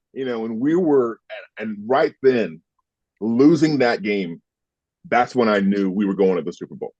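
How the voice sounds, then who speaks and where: With a lowish, slightly mellow voice at a moderate pace, this US man in his fifties, an ex-football player, relates stories in an interview, emphatic, heated, and occasionally profane. The audio has no echo and comes across dry and a little dull.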